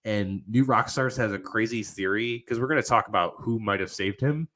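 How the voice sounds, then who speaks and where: A man co-hosting a casual podcast, excitable and profane, often acting out characters' lines in a higher voice. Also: moderate pace. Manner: excitable, swears a lot, acts out characters' lines. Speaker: podcast co-host.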